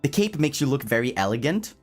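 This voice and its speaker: A male streamer talks casually to his chat, playful and quick to laugh. His pitch swoops about with lively energy, and he stumbles over words when excited. Soft music plays faintly behind him. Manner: playful and animated, reads chat aloud and answers it.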